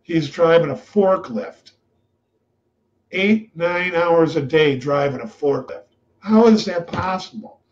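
A man hosting a webinar, telling stories from his trading days in a blunt, profane, animated way. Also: a little high, slow. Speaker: webinar host, trader. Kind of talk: casual storytelling. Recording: dull lo-fi webinar audio.

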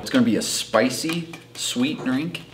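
A man's voice: mid-range voice, a little slow. A male teacher making wry, joking remarks while he tastes drinks at school. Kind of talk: casual taste-test chat. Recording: noisy background.

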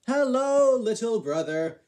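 A man's voice: extremely high pitch, very animated, takes it slowly, darkish tone, voice pushed up, full character voice. A man voicing a teasing male steam engine who is the big brother in a homemade storybook reading.

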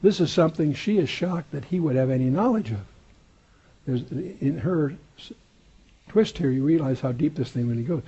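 A man's voice: fairly high pitch, expressive, normal speed, dark tone, slightly rough, lo-fi sound. A man teaching a verse-by-verse Bible study in a conversational way, with wry asides and digressions.

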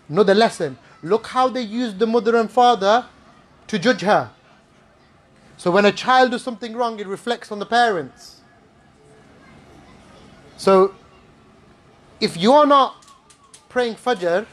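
A man giving an Islamic talk to a live audience, animated and playful, full of rhetorical questions and asides. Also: sits high, unhurried, long pauses. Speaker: preacher.

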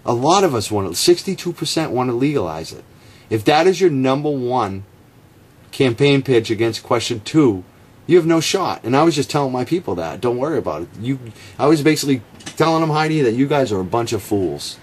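This direct-to-camera rebuttal comes from a marijuana reform activist who sarcastically attacks his opponent by name. He speaks fairly quickly in an expressive, slightly rough mid-range voice.

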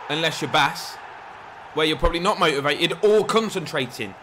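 A young man giving excitable, jokey commentary over his own football video game as a gaming YouTuber. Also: on the high side, moderate pace, a little hiss or hum. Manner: excitable, mock match commentary with jokey asides.

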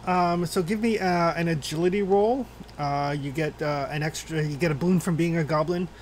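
A man's voice: on the high side, moderate pace, a little hiss or hum. A man narrating and ruling as game master in a tabletop game, talking with many fillers and restarts.

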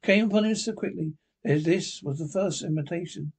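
A husky-voiced man reads a classic story aloud, pitched a little high. His reading is unpolished, with stumbles and restarts along the way. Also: fairly quick, low-quality recording.

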